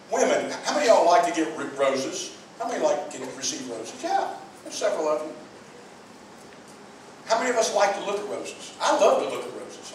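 A man preaching a sermon to his congregation, earnest and repetitive, speaking straight to the people in the pews. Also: a little high. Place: church sanctuary. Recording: very echoey church hall, mic far off, faint noise.

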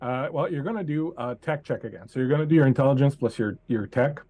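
A man running a tabletop game as game master, narrating scenes to a player in an unhurried, second-person way over an online call. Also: mid-range voice, warm tone, dry recording.

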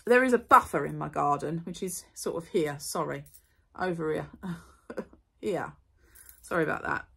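A woman's voice: sits low, gravelly, sharp tone, slightly rough. Chatty woman rambling through a haul. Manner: chatty, rambling, quick asides and apologies. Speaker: vlogger. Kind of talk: casual unboxing chat to camera.

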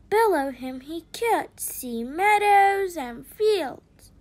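A woman narrating a children's storybook in a slow, expressive read-aloud style. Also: very high-pitched.

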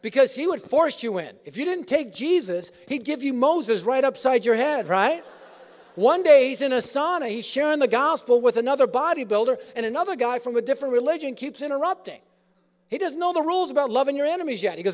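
A man's voice: extremely high pitch, animated, fast talker. A man preaching a sermon in an auditorium, telling a story with humor. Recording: echoey auditorium.

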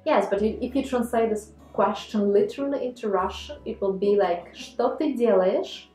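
A woman co-hosting a video language lesson, explaining clearly and repeating example phrases slowly. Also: mid-range voice, dark tone. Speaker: language teacher co-host. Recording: echoey room with faint guitar music.

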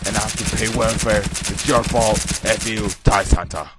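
A man voicing a sinister male killer villain who announces deadly tests in slow, menacing pronouncements, over loud game sounds. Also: on the low side, fairly even intonation, lightly acted. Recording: loud game noise behind.

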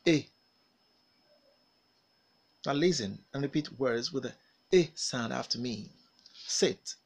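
A man teaching a pronunciation lesson, saying vowel sounds and model words with careful, drawn-out articulation and pausing for learners to repeat after him. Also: mid-range voice, gravelly, breathy edge. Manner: over-articulated, drilled with pauses for repetition. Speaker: phonics teacher. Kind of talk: slow, deliberate pronunciation lesson.

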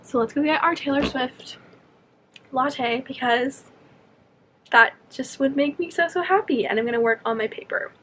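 A bubbly young woman talks straight to her camera in an easy, gushing vlog voice, sitting a touch above the usual pitch for a woman. A faint hiss of room noise runs under her words. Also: normal speed, long pauses, fairly bright tone. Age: young adult. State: out of breath. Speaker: vlogger. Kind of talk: casual vlog chat. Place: college dorm room.

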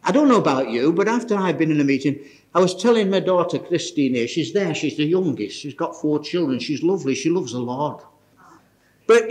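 An older man preaching an informal sermon to a church meeting, folksy and exclamatory, often chuckling as he talks. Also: fairly high pitch.

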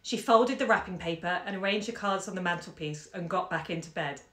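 A woman bookseller reading a short story aloud on a live stream from home, measured and lively in the dialogue. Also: on the low side. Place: home during lockdown. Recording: echoey room.

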